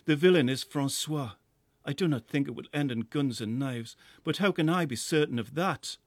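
Narrator puts on a lovelorn middle-aged Frenchman, soft and sighing, dry booth sound. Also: mid-range voice, normal speed, dry recording, lightly acted. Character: lovesick middle-aged Frenchman, melancholy driver.

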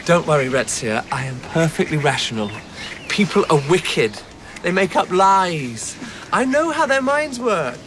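An actor playing a troubled, paranoid young husband, talking in an agitated, insistent way. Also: male voice, on the high side, big pitch swings, unhurried, noisy background.

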